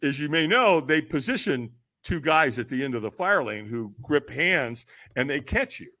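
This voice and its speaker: A man telling a personal story as a podcast guest, lively and emphatic, acting out quoted lines with sudden shouts. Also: fairly high pitch, moderate pace. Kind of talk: animated storytelling in conversation.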